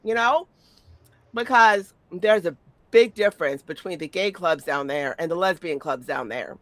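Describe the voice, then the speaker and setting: A woman in her forties, the podcast host, telling casual stories in an animated, profane way with stumbling repetitions. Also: lowish voice, moderate pace, no room sound. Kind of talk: casual storytelling chat.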